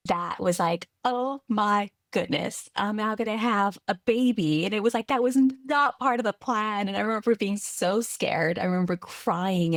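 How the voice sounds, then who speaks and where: A woman from California, a guest on a podcast interview, telling her story earnestly and with lively restarts. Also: medium pitch, no echo, studio quality. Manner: earnest, lively retelling with restarts and quoted voices. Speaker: guest, tech executive.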